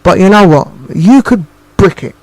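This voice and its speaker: A woman's voice: mid-range voice, expressive, moderate pace, darkish tone, dry recording. A woman co-hosting a radio talk show, making her points emphatically and checking that she is understood. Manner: emphatic, repeats points and asks "do you understand?". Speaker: co-host.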